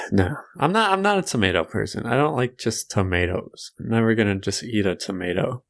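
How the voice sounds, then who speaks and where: Lively young man with a gravelly edge. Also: fairly low pitch, moderate pace. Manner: animated, laughing, playful. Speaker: podcast co-host. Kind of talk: casual banter.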